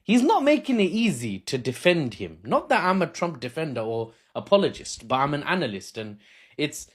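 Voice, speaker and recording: A man's voice: a little high, big pitch swings, normal speed, breathy edge. Chatty man explaining politics. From Britain. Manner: chatty, self-mocking, laughs often. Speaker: political commentator. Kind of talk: casual unscripted explainer. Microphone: phone camera.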